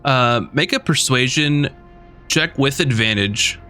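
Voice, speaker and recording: A man's voice: mid-range voice, slow, sharp tone, soft background music. A man narrating a tabletop game as game master, rambling with lots of fillers.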